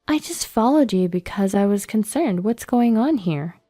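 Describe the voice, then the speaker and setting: A woman's voice: medium pitch, expressive, normal speed, mellow, natural voice. A woman voicing a composed young woman who questions politely but pointedly. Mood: probing.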